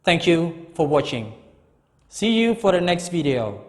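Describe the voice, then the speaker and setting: A high, lively male voice teaches grammar at a deliberate pace, stressing and repeating each point. A long hall reverb trails behind him. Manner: slow, emphatic, repeats key words. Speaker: English teacher. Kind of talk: classroom grammar lesson.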